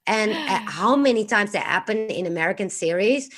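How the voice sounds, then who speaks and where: A woman's voice: medium pitch, lively intonation, a little fast, a bit bright. A young adult woman from the Netherlands, hosting a casual chat with lots of fillers and playful restarts.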